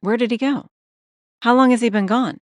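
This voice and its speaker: A woman's voice: fairly high pitch, normal speed, no echo, pitched above the performer's own voice, natural voice. A woman reads as a courteous young businessman in an audiobook, polite and worried. Her voice stays close to her own, dry and near the mic. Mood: concerned.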